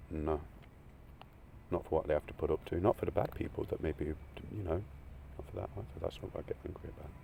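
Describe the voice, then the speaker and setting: A man with a very low, gravelly voice pours out a rambling, tearful monologue. He swears freely and lurches from loud bursts to hushed, almost whispered lines. Faint noise hangs behind him. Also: fairly even intonation, a little fast. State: crying. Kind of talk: emotional unscripted monologue.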